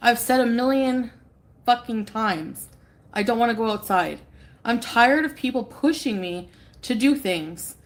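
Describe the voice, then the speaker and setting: A woman's voice: fairly high pitch, unhurried. A tired, unwell woman talking on a livestream, defensive and irritated, swearing often. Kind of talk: casual livestream chat.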